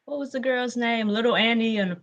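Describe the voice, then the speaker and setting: A woman co-hosting a chat, speaking in a warm, reflective way. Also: on the high side, brisk, dull audio. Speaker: co-host. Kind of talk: casual conversation.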